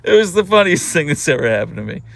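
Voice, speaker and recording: A young man hosting a livestream, telling a story in an animated way and laughing often. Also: on the high side, fast, vocal fry, no echo. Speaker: livestream host. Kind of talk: casual livestream chat reading comments.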